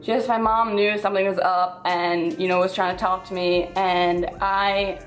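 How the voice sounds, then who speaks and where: A woman's voice: mid-range voice, flat delivery, unhurried, soft background music, low-quality recording. Tearful young woman vlogging. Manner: heartfelt, filler-heavy talk with frequent "like" and "um". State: tearful, on the verge of crying. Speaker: fitness vlogger. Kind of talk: emotional personal vlog.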